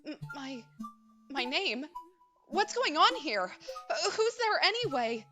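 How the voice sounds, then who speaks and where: A woman's voice: sits high, sing-song, slow pace, voice pushed up, exaggerated voice. A woman voicing a bewildered young man who wakes in darkness, asking startled, pleading questions. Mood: panicked. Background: game music.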